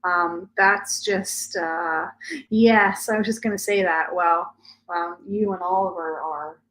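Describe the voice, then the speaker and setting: A woman in her forties chats away at an ordinary pitch, telling stories and piling in "like" as she goes. The room around her rings with a noticeable echo. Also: slow pace, a bit bright. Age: 40s. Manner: chatty storytelling, many "like" fillers. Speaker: podcast host. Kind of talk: casual chat. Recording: roomy echo.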